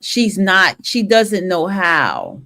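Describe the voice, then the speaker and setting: A woman's voice: lowish voice, wildly swooping pitch, extremely slow, sharp tone. A woman from the northern United States hosting a talk stream and giving a blunt, profane opinion monologue, often restarting her sentences.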